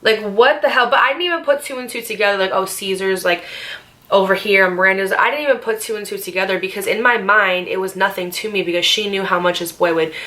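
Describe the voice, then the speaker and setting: A young woman talks straight to her viewers in a casual storytime vlog. Her voice sits at an ordinary middle pitch. She tells the story in a chatty, dramatic way, full of slang and the odd swear word. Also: fast talker, pushed and bright. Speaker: storytime vlogger.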